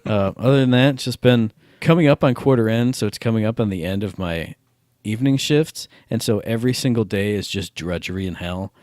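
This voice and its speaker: A man's voice: on the low side, a little fast, a little mellow, no room sound, studio quality. A man co-hosting a casual gaming podcast over a Skype call, wry and self-deprecating. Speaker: podcast co-host.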